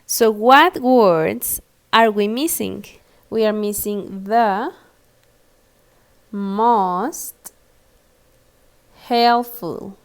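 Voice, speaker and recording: A young woman from Mexico, teaching an English lesson slowly and patiently, spelling out each step. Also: mid-range voice, gravelly. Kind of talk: recorded online lesson. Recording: echoey room.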